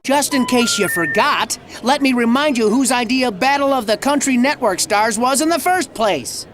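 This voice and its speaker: An actor with a Southern American accent playing a bombastic, folksy country music promoter who swings from ranting to sheepish. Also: male voice, very high voice, animated, normal speed, crowd noise. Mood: blustering rant. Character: blustering Southern good-old-boy promoter, middle-aged man. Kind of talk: video game voice acting.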